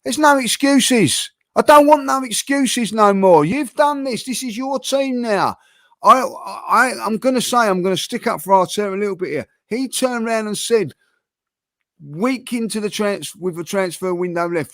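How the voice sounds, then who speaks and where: A man's voice: sits high, moderate pace, no room sound. A man hosting a casual football debate with his co-hosts, talking passionately and full of fillers and restarts. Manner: passionate, animated, heavy use of fillers and restarts. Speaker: host of a football fan channel.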